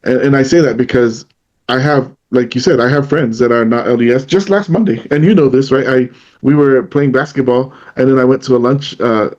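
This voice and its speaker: Male co-host, chatty storyteller, mid pitch, lo-fi recording. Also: brisk, a little mellow. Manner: storytelling, retells what others said in their voice. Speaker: podcast co-host. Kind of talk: casual conversation.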